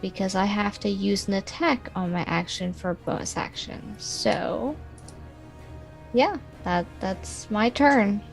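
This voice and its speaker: A woman's voice: mid-range voice, takes it slowly, vocal fry, faint music behind. A woman playing a tabletop game, explaining her turn carefully and double-checking spell details. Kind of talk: casual game table chat.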